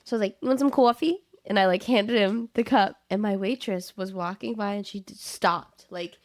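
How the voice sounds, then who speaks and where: Woman, podcast co-host, casual jokey storytelling, mid pitch, dry close sound. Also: fairly even intonation, moderate pace, no room sound. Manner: jokey storyteller who slips into silly voices. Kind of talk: casual chat.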